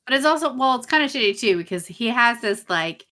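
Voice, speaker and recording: Young woman cohost, joking around, voice jumps all over, bright tone. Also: fairly high pitch, fairly quick. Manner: joking, chimes in, lively swings. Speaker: podcast co-host. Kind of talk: casual chat.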